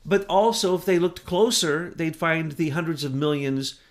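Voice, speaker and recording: A man giving impassioned political commentary as co-host, with loud, emphatic bursts that rise and fall. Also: a little high, normal speed.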